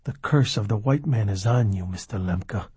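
A man reading the lines of a gaunt, cursed lawyer who threatens slowly in a low voice. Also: a little mellow, breathy edge, dry recording. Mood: menacing.

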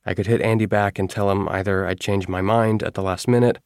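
A man reading a first-person story aloud in a measured, wry storytelling manner. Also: fairly low pitch, fairly even intonation, clean tone, no echo, studio quality. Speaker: audiobook narrator. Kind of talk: scripted first-person narration.

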